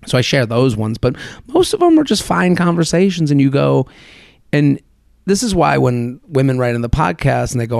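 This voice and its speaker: A man in his thirties talks through a solo podcast episode. He is chatty and self-deprecating, with a gravelly edge to his voice. The sound is dry and close. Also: medium pitch, very animated, normal speed, darkish tone, no room sound. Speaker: podcast host.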